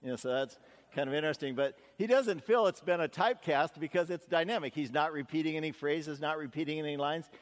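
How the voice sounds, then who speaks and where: Guy preaching, chatty storyteller vibe, bit of a higher voice, echo rings out in the church. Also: fast talker. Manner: conversational, folksy storytelling with asides. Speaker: pastor. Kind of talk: sermon.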